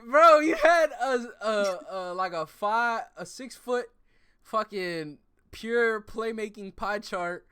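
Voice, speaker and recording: High bright voiced guy roasting his friend, cussing and laughing. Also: expressive, takes it slowly, clean tone. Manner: cursing, teasing, laughing. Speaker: podcast co-host. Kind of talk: casual chat.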